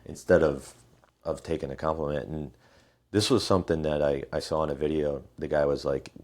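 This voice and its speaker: A man's voice: extremely low pitch, steady tone, a little fast, a little mellow. A man talking as a podcast guest, casual, hedging his points, restarting sentences and swearing now and then.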